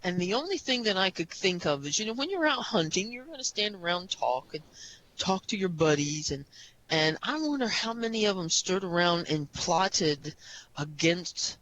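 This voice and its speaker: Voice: medium pitch, very animated, moderate pace, fairly bright tone, low-quality recording. A podcast co-host talking casually about history, rambling with many restarts and "you know"s.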